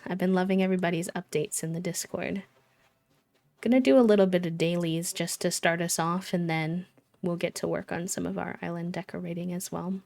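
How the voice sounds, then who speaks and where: A woman's voice: on the low side, a little mellow. A woman streamer in casual live-stream chat, cozy and chatty, greeting viewers by name as she plays.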